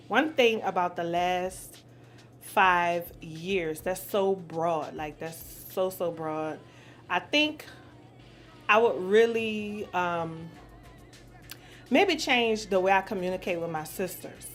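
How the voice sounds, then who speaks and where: A woman's voice: fairly low pitch, takes it slowly, soft background music. A woman in her forties from New Orleans, answering questions in a blunt, profane casual chat and laughing easily. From New Orleans, USA. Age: 40s.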